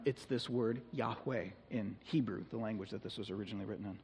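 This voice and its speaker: A man preaching a sermon as pastor, earnest and conversational, slowing down to stress key words. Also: medium pitch, husky, big-room sound. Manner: earnest, conversational, slows for emphasis.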